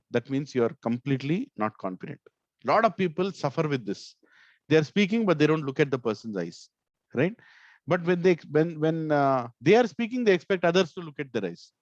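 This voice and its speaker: A male corporate trainer with a fairly high voice runs an online session over a video call. The audio is lo-fi with no room sound. He leans on certain words to drive his points home and keeps asking "right?"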